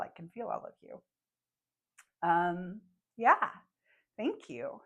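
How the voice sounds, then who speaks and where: A young woman guiding an energy-healing meditation, speaking softly and slowly while emotional and crying. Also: fairly low pitch, big pitch swings, highs cut off. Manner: soft, slow and tearful. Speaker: meditation guide. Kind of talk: guided meditation.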